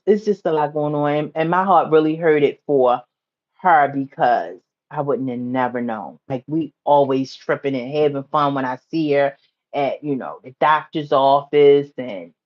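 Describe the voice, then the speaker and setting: A woman from the United States chats on a casual livestream, telling a story in a rambling way and repeating her phrases. Her voice sits a little low, and her pitch climbs when she gets excited. The sound is muffled, like lo-fi livestream audio. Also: unhurried. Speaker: livestream host.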